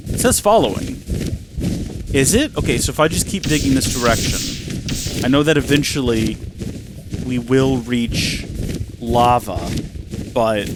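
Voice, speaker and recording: A man hosting a gaming channel, talking excitedly to himself and the game as he plays. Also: medium pitch, very noisy. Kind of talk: let's-play commentary.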